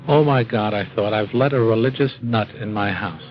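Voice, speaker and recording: In a lowish voice at a moderate pace, a man recounts his own drinking story with wry, self-deprecating, folksy humor, performing the quoted lines. The recording is muffled, with faint music in the background.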